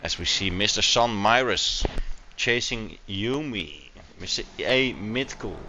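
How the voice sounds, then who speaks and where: Non-native english guy calling a sim race, bright forceful voice, kinda low, faint car noise behind. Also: slow. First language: not English. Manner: excitable, loose, stumbling over words. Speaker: sim racing commentator. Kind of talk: live race commentary.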